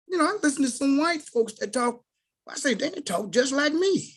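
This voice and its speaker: A man, telling stories on a group call in an animated way, dropping low then bursting out loud. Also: moderate pace. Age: 60s. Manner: animated, swings between low mutters and loud outbursts. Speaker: call participant sharing a story. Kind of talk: casual storytelling.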